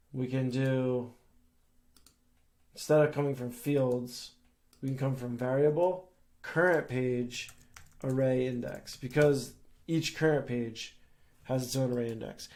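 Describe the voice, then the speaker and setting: A young man talks through a software tutorial while sharing his screen, explaining each step in a loose, conversational way. His pitch sits in an ordinary middle range, and he sprinkles in "like" and "um" as he thinks aloud. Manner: casual, explains step by step with fillers. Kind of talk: screen-share coding tutorial.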